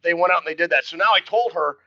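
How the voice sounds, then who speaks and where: A man's voice: high voice, racing. An older man co-hosting a casual sports talk show, jovial and chatty, often repeating his first words as he starts a thought. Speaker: podcast co-host. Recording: dull lo-fi audio.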